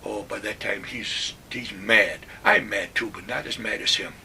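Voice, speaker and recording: A man in his nineties from Western New York telling his army stories in a plainspoken, animated way. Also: on the low side, moderate pace, gravelly, far from the mic, slight background noise. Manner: plainspoken, animated retelling with acted-out quotes. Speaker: WWII veteran telling war stories. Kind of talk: oral history storytelling.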